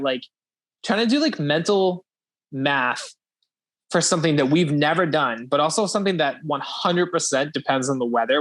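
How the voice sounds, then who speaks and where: Young male podcast host, slightly high pitch, loose rambling chat with casual swearing. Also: fairly bright tone.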